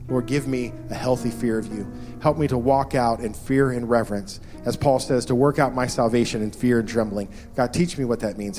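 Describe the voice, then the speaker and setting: A man's voice: medium pitch, darkish tone. A man in his thirties preaching a sermon as pastor, earnest and repeating key phrases for emphasis.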